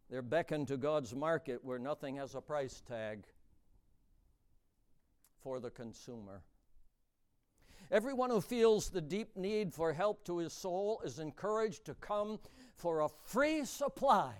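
A man preaching a sermon in a dramatic way, dropping to a hush and then booming out, drawing out key words. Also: animated, measured pace, pauses often, clear, resonant tone. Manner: dramatic, swings between hushed and booming, stretches key words.

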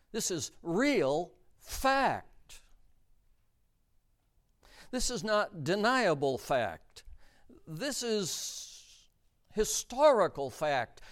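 A man preaching a sermon, emphatic and deliberate, repeating key words for stress. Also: high-pitched, smooth.

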